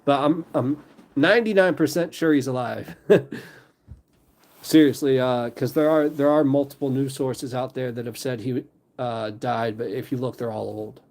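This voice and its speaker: A man chatting casually as host of a live stream, rambling and stacking fillers. His voice sits at an ordinary middle pitch. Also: steady tone, measured pace, darkish tone.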